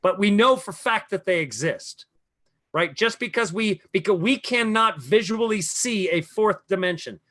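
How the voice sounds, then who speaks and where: A man giving a guest's spiritual talk, lecturing emphatically and slowing down on key words. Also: high voice, a bit bright. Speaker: guest speaker.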